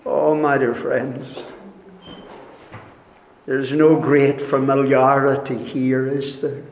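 A man preaching a sermon, speaking slowly and deliberately, sinking to hushed tones and rising for emphasis. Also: medium pitch, little pitch movement, a little hiss or hum. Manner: slow, deliberate preaching, dropping to near-whispers and rising in emphasis. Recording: echoey hall with long reverb.

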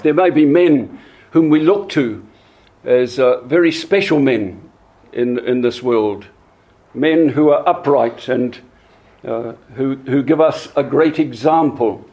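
A man preaching a sermon, slow and deliberate, often repeating words as he searches for the next one. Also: mid-range voice, warm tone.

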